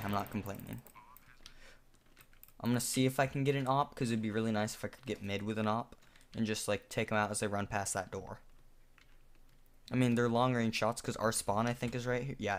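Lower-voiced man commentating his gameplay, noisy. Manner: chatty, self-deprecating, with sudden excited outbursts. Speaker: gamer commentating his own match. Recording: noisy home recording with background hiss. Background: keyboard clicks and in-game gunfire.

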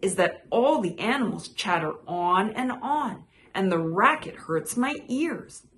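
A woman's voice: mid-range voice, expressive, a little slow, fairly bright tone, a little hiss or hum. A woman voicing a grumpy, complaining male rabbit in a read-aloud picture book, in a grumbling manner. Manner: grumbling, gloomy.

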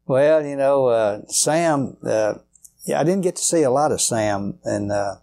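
This older guitarist, a guest in an interview, has an expressive, mid-range voice that is gravelly and warm, and he speaks a little slowly. His storytelling rambles in a folksy manner and is laced with fillers.

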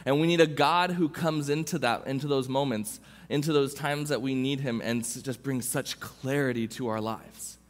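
A young man gives a sermon in an easygoing, storytelling way, often restarting his sentences. His voice sits at an ordinary middle pitch. A long reverb from the church hall trails after his words. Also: moderate pace, few pauses, soft background music. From Southern California. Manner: informal, personal storytelling with restarts. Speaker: youth pastor. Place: church sanctuary.

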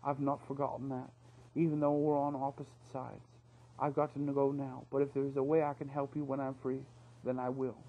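A man's voice: medium pitch, level tone, a little fast, narrow, tinny audio, lightly acted. Male reader as an earnest young warrior mouse, storybook. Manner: earnest, plain-spoken.

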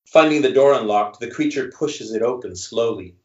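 A male author reading his own fiction aloud in a measured narration, then answering questions. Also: mid-range voice, a little mellow. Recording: roomy, dull recording.

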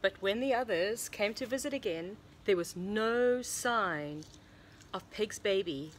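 A preschool teacher, a woman, reading a picture book aloud to young children in a sing-song storybook voice with hushed asides. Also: mid-range voice, animated, unhurried, slight background noise. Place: home or classroom, recording online lesson.

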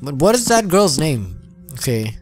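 A young man commentates a horror game in a slow, unhurried way, his voice leaping up and down as he yelps and swears at the scares. Game music plays loudly under him. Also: on the high side, sing-song. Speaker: gaming channel host. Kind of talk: let's play commentary.

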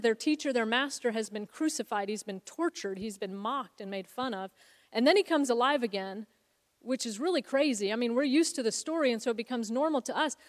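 Earnest woman preaching in a reverberant hall. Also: on the high side. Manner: storytelling, earnest and reflective. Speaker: ministry co-founder. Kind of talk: sermon. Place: church sanctuary.

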